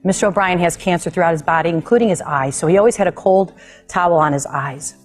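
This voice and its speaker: A woman's voice: fairly low pitch, fast talker, soft background music. Woman talk host telling a heartfelt story. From United States. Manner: animated, emotional storytelling with laughter. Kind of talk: personal storytelling to a guest.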